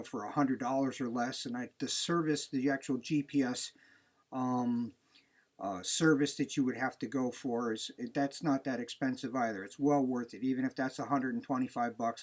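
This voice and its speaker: A man's voice: mid-range voice, a little mellow. A man, a dog breeder, giving plain-spoken, conversational advice in a casual talk.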